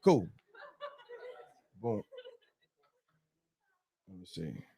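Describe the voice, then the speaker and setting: A man's voice: sits low, wildly swooping pitch, extremely slow, gravelly, mellow, breathy edge, no echo. Guy in his 40s running a live morning show, slangy and joking, dry close sound. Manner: loose, joking, full of "you know" fillers and slang. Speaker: host of a live morning stream. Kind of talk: casual live-stream chat.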